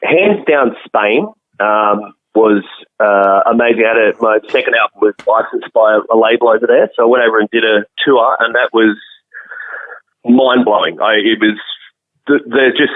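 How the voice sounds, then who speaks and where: A man's voice: on the low side, normal speed, no echo. Man on a tinny call line. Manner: rambling, many restarts and fillers. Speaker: musician guest. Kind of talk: casual interview chat. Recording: tinny phone-like call audio.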